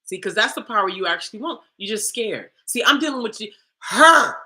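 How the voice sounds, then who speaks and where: A woman's voice: mid-range voice, animated, fast, sharp tone. A woman hosting a livestream for women, talking bluntly and confrontationally with many rhetorical questions. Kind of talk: livestream talk.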